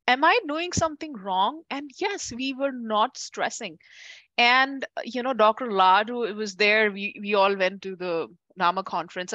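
A woman teaching a class, chatty and lively, calling on students by name and laughing easily. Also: medium pitch, dry recording. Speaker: Ayurveda teacher. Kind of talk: classroom lecture with questions to students.

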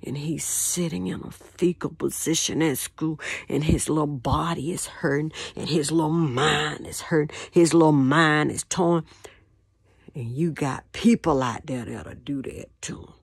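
A woman's voice: deep voice, fairly even intonation, a little slow, gravelly, slightly rough, no room sound, studio quality. A woman giving a rambling spoken monologue, repeating words and asking questions, often dropping to a whisper. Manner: repetitive, questioning, drops to whispers. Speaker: vlogger.

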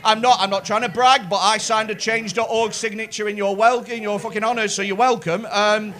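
A man's voice: high voice, steady tone, a little fast, bright, forceful tone. A male stand-up comedian doing teasing, sweary crowd work from a comedy club stage on a handheld mic. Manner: teasing, sweary, riffing with the audience. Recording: live club with crowd laughter.

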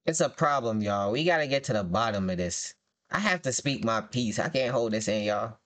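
A man's voice: medium pitch, lively intonation, a little fast, a bit bright, a little hiss or hum. A man streaming and reacting to clips, talking bluntly and teasing his audience. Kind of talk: casual reaction commentary.

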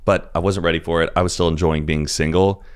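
A young man with a fairly low voice chats easily as a podcast guest. He tells long, meandering anecdotes and peppers them with "like" and "dude". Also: fairly even intonation, quick pace, clear, resonant tone. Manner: rambling anecdotal storytelling with frequent "like" and "dude". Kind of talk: casual chat.

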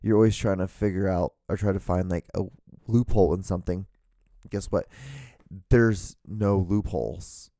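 A man rants alone on his podcast in a mellow, warm voice, with blunt, profane asides and a rambling flow. His voice is starting to wear thin. The sound is close and dry. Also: sits low, normal speed, dry recording. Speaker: podcast host. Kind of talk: solo podcast rant.

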